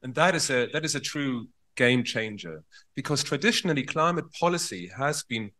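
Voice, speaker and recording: A man's voice: mid-range voice, lively intonation, normal speed, pushed and bright. Man opening a conference, dry humor. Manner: wry, lightly humorous. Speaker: conference organizer.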